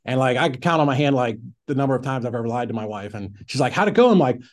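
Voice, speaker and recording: Fast and fairly even in intonation, this medium-pitched middle-aged man is a podcast guest and real estate investor recounting a story. He chats casually, says "like" a lot, and dramatizes what he used to think.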